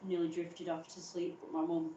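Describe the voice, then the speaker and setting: British woman, exhausted, subdued live-stream chat, low voice, dark mellow tone. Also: monotone, brisk, dull audio, slight background noise. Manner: weary, subdued, swears casually. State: exhausted and burnt out. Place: at home.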